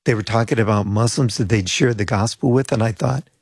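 Husky-voiced older male pastor telling stories. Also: lowish voice, a little fast, a little mellow, dry recording, studio quality. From United States. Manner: chatty, rambling anecdotes with asides. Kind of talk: storytelling interview guest.

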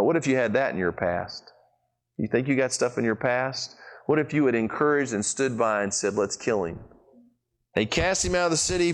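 A man preaching a sermon, retelling a scripture story with animated emphasis, swinging between excited high bursts and low, quiet asides. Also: low-quality recording.

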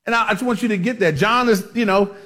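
A man's voice: sits high, fast, sharp tone. A man pastor preaching a conversational sermon, often restarting his sentences and checking in with the congregation. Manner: conversational with many restarts and fillers; asks the congregation for amens.

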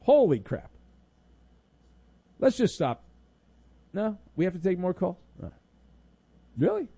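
A man's voice: high voice, wildly swooping pitch, slow, gravelly, warm tone, husky, dry recording. A man hosting a sports talk radio show, sarcastic and mock-exasperated with callers.

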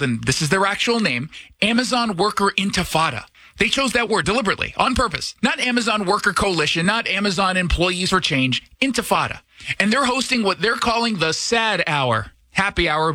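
Man, scripted commentary, sarcastic, cutting, bright high voice, dry sound. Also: no room sound.

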